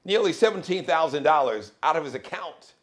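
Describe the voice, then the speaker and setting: A man hosting a live daily show, giving an animated, preachy monologue that swings between loud outbursts and hushed warnings. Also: fairly high pitch, brisk.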